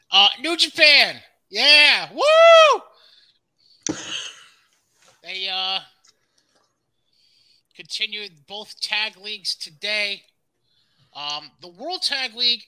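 A man's voice: sits high, bright, forceful tone, clear, resonant tone, rough recording. A man hosting a casual wrestling podcast, loose and rambling, with plenty of ums. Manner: loose and rambling, swears, fills gaps with um and uh. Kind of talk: casual wrestling news chat.

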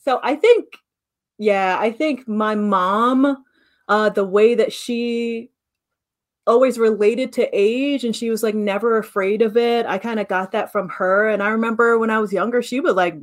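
Her voice a little high and her pace measured, this woman in her late thirties co-hosts a podcast. She's an animated storyteller in casual conversation, performing the voices of the people she quotes.

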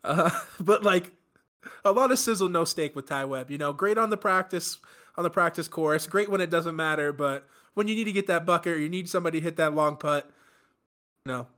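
A man with a fairly high voice trading banter on a podcast. He is teasing and easygoing and laughs through his points. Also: fairly quick, fairly bright tone. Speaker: podcast co-host. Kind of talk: casual podcast chat.

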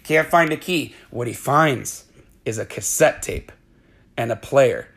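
A man casually retelling a film's plot, excitable and swearing freely, acting out the characters' lines as he goes. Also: medium pitch, measured pace. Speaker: movie recap host. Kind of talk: casual spoiler-filled movie recap.

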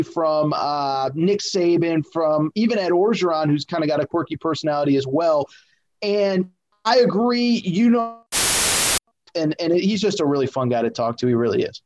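A man with a notably high voice chats about sports on a podcast, rambling and emphatic and full of fillers. The audio sounds dull and lo-fi. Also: darkish tone. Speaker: sports media podcast co-host. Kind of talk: casual sports talk.

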